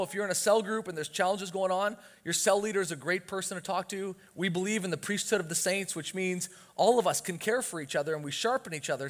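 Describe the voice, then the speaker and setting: Male pastor, high-pitched, earnest and emphatic delivery, church hall with a long echo. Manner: earnest, emphatic, rising to urgency on key points. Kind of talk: sermon.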